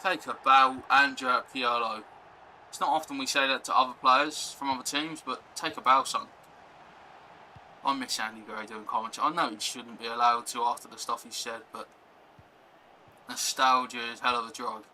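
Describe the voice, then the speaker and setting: A man's voice: medium pitch, fairly even intonation, normal speed, pushed and bright, a little hiss or hum, rough recording. A young man chatting casually on a live stream, rambling and reacting to chat and gameplay.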